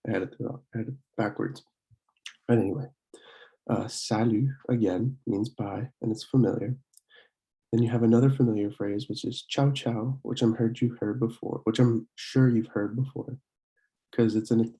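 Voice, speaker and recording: A young man teaching a French lesson from slides, slowly repeating words and often clearing his throat to correct himself. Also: on the low side, dark tone, low-quality recording. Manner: slow, repeated pronunciation drills. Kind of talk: slide-based language lesson.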